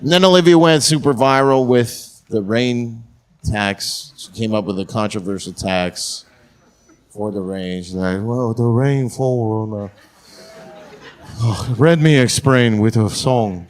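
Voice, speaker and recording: A man's voice: lowish voice, measured pace. A man doing a stand-up comedy set on a club stage, with brash, crude delivery.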